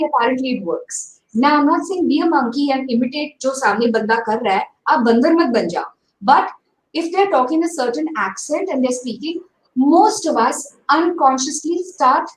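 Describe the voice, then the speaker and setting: A woman gives an informal webinar talk on public speaking. She is chatty and emphatic, with frequent asides. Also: high voice. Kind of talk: informal webinar talk, mixing English and Hindi. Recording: echoey room with faint ambient noise.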